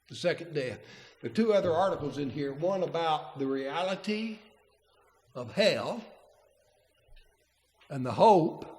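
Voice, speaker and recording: Male preacher, high lively delivery, unhurried, long church reverb. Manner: emphatic, repeats key words, reads scripture aloud. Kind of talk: sermon.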